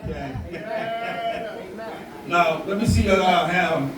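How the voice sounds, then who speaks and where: A man from Jamaica, working as a reggae DJ and talking casually and warmly to a live crowd. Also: high voice, very slow, background noise. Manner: friendly, crowd-engaging, relaxed. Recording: very echoey room, far from mic, loud crowd.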